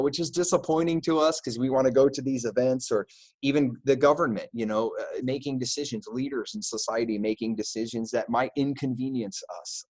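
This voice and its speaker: A man preaching in a loose, conversational way, full of "you know"s and restarts. His pitch sits in an ordinary middle range, and he slips into quick little voices for the people he quotes. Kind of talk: informal sermon.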